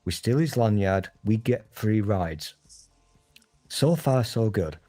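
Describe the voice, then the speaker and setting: Lively British man, rambling and crude. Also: lowish voice, takes it slowly, soft background music. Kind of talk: casual chat.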